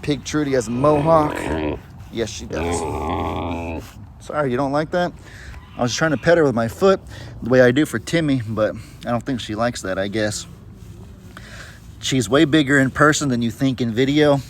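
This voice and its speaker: A man's voice: medium pitch, normal speed, slight background noise. A man chatting casually on a live stream while walking around his farm with a phone camera and talking to his animals in a sing-song voice. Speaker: farm livestream host. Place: outdoors on a farm among animals. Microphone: handheld phone camera.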